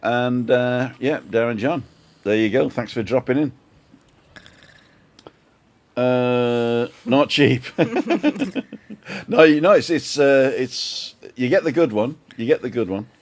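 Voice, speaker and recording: A man's voice: medium pitch, measured pace. A man hosting a casual live-stream chat, jokey and chatty, reading out viewer comments. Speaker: host.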